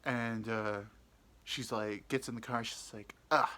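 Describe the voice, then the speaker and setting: Bright-voiced young man telling a crude story. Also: fairly low pitch, level tone, unhurried. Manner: rambling, crude, full of "like" fillers, acts out quotes. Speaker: podcast storyteller. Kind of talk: casual comedic storytelling.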